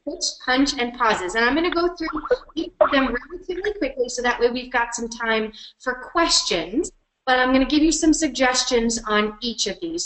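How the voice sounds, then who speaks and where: A woman coaching presenters in a webinar from her computer, speaking energetically and with emphasis, shifting her speed and loudness to show each point. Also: sits high, reverberant, poor audio. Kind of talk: instructional webinar workshop. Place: at her computer on a web call.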